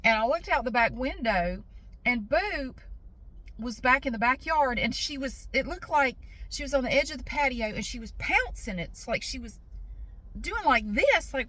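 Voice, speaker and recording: High bright-voiced woman vlogging, animated, swears a lot, acts out the quotes. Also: moderate pace. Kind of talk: casual storytelling to camera.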